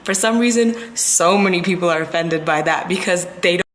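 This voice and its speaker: A woman's voice: lowish voice, normal speed. A woman in her twenties, talking to camera in a casual vlog rant, outspoken and emphatic with plenty of slang. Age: 20s. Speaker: vlogger.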